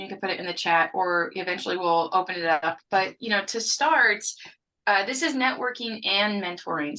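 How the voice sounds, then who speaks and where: Woman co-host, bright and forceful tone, chatty and casual, on a video call. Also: medium pitch, poor audio. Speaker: webinar co-host, economist. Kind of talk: hosting a webinar panel.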